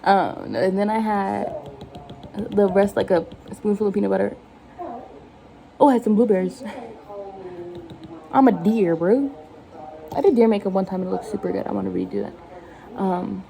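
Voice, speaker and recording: A woman's voice: mid-range voice, gravelly, mellow. A young woman vlogging at home in her kitchen, rambling in a casual, jokey chat and poking fun at herself as she cooks. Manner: rambling, jokey, self-mocking. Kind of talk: casual chat while cooking.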